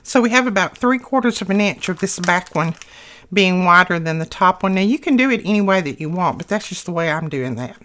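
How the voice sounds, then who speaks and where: Chatty woman with a lowish voice. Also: lively intonation, a little fast, a bit bright. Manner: chatty and homely, thinks aloud with small asides. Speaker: crafting tutorial host. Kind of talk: casual step-by-step craft demonstration.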